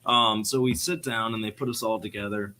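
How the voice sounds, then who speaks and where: A man's voice: on the low side, fairly even intonation, a little fast, sharp tone. A man co-hosting a casual podcast, telling a story in a laid-back way. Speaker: podcast co-host.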